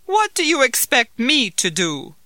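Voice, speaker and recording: Lady putting on a grumpy cheap guy, growly and snappy, loud, dry close sound. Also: on the high side, big pitch swings, normal speed, no room sound. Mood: scornful. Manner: gruff, dismissive. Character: stingy, scornful grown man, growling.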